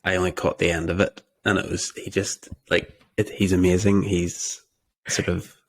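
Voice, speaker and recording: A man co-hosting a podcast in casual chat, hesitant and searching for words, with a gravelly voice. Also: low voice, little pitch movement, normal speed. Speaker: podcast co-host.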